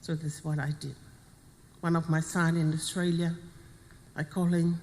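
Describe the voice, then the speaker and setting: A middle-aged woman with a Samoan accent giving a funeral eulogy as the widow, speaking in short, halting, heartfelt phrases and slipping into Samoan. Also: low-pitched, flat delivery, a little mellow. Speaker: widow of the deceased. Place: funeral service venue. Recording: long reverb of a funeral hall.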